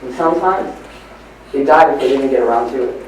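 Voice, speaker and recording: A man giving a motivational training talk at a live event, telling stories and moving between hushed and emphatic delivery. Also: medium pitch, fast, a little hiss or hum. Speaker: motivational speaker. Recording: echoey live hall recording from far off.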